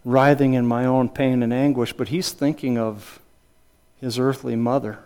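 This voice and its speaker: Mellow and smooth, at medium pitch with fairly even intonation and normal speed, a middle-aged man preaches. Teaching earnestly, he quotes scripture and asks rhetorical questions, with many restarts and light chuckles on the side.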